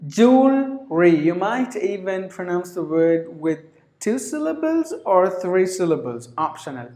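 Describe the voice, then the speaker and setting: A man teaching English pronunciation, repeating each word several times in a drawn-out way. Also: high-pitched, very animated, darkish tone. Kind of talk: pronunciation lesson. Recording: roomy echo.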